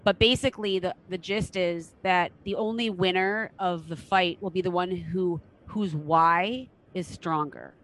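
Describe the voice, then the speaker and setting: A woman's voice: lowish voice, steady tone, a little slow, hardly any pauses, fairly bright tone, poor audio. A middle-aged woman hosting a casual interview podcast, frank and enthusiastic and swearing now and then. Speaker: podcast host.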